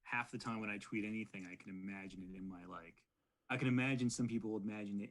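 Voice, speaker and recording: A man's voice: lowish voice, steady tone, fast talker. A young man appearing as a guest writer on a podcast over a video call, chatty, opinionated and self-deprecating. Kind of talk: casual podcast conversation.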